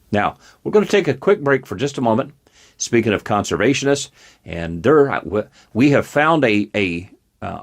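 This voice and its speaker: A man hosting a talk show, giving plain-spoken, opinionated commentary in a folksy manner. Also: mid-range voice. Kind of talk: casual political commentary. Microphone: webcam on desk.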